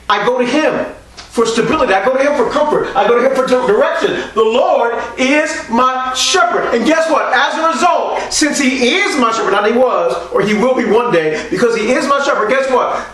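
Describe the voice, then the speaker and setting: A man preaching a sermon as pastor, leading the congregation in call-and-response and rising at times to shouts. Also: very high voice, very echoey, far from the mic, low-quality recording.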